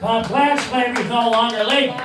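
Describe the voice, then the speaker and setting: Over music, an extremely high-pitched male voice with fairly even intonation moves a little fast. It belongs to a Cleveland, Ohio, man in his sixties doing stand-up and ventriloquism at a neighborhood bar, with jokey, rambling punchlines. The recording is echoey, with a distant mic and a crowd.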